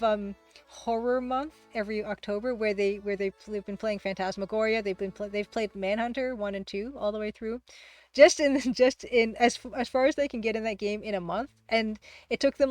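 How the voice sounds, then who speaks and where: A woman hosting a casual livestream, who talks fast, rambles through chat replies, laughs often and pokes fun at herself. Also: medium pitch, darkish tone, no echo. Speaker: livestream host and game artist.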